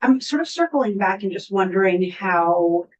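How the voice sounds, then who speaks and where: A woman's voice: medium pitch, lively intonation, moderate pace. Hesitant woman senator, slightly dull sound. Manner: hesitant, restarting questions. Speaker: state senator. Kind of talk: committee questioning.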